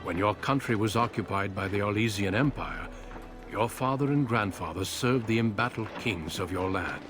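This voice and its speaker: An actor giving grave, measured scripted narration as a fantasy game narrator. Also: male voice, lowish voice, natural voice. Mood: solemn. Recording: game audio with music.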